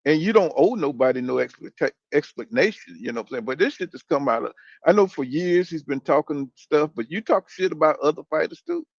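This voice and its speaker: A man's voice: on the high side, animated, brisk, creaky, no room sound, highs cut off. A man giving a casual, profane opinion rant about boxing, rambling and repeating filler phrases as he talks. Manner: rambling, profane, keeps saying "you know what I'm saying". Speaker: boxing commentator.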